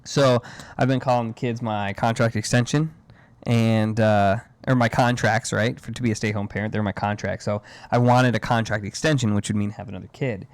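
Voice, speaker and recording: A man's voice: lowish voice, steady tone, moderate pace, dry recording. A man in his thirties co-hosting a podcast, chatting casually and rambling, with "dude" and "man" in every other phrase. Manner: laid-back, rambling, says "dude" and "man" often. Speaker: podcast co-host. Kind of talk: casual chat.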